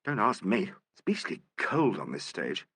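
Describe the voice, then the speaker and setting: A man's voice: on the low side, huge pitch swings, a little slow, vocal fry, bright, forceful tone, slightly rough, voice pushed down, exaggerated voice. A man reading the part of a teasing, suspicious young male journalist. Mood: grumbling.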